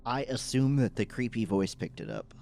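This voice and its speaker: A man's voice: mid-range voice, big pitch swings, moderate pace, gravelly, mellow, faint music behind. A man casually chatting as a player in a tabletop game, earnest and musing.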